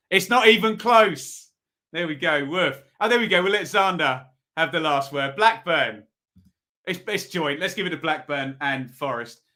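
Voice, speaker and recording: A man's voice: fairly high pitch, sharp tone. A man hosting a live football review show, chatting casually and reading out viewer votes. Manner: chatty, reads out viewer comments, pleading. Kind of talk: casual live-stream commentary.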